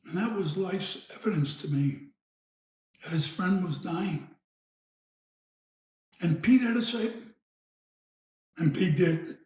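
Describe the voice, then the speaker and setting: A man with a New York accent, telling an old family story in a casual, unhurried way, pausing and trailing off into asides. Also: sits high. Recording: echoey room.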